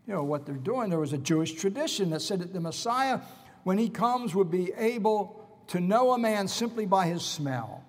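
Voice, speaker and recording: A man's voice: high-pitched, very animated, normal speed, big-room sound. A man preaching an expository sermon, retelling scripture with dramatic, emphatic storytelling.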